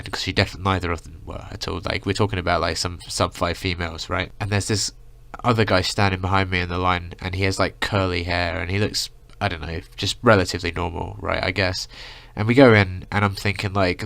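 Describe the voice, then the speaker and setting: Deep gravelly young man rambling. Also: little pitch movement, brisk, hardly any pauses, fairly bright tone, dry recording. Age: young adult. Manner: rambling, full of "like" and "you know". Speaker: vlogger. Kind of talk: casual storytime rant.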